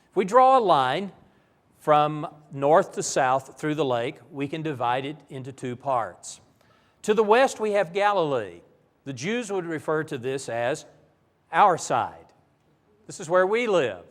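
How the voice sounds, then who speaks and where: Animated preacher in an echoing church. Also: male voice, on the high side. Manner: animated, vivid storytelling. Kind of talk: sermon-style Bible lesson.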